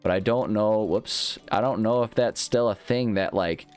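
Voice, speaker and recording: Rambling, jokey man with a low voice. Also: moderate pace, a little mellow, clean tone, soft background music. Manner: jokey, rambling, self-mocking. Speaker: gaming channel host. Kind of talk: let's play commentary.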